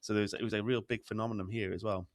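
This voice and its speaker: A man's voice: fairly low pitch, very fast, dry recording, studio quality. A man, co-hosting a podcast, joking around and chatting animatedly. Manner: animated, jokey, laughs a lot, swears. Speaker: podcast co-host. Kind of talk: casual chat.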